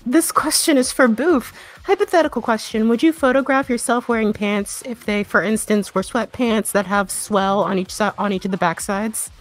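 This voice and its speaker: A woman with a high voice co-hosts a livestream, reading out donations in a giggly, excitable way. Quiet music runs behind her. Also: moderate pace, hardly any pauses. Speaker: stream co-host. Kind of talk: casual livestream chat.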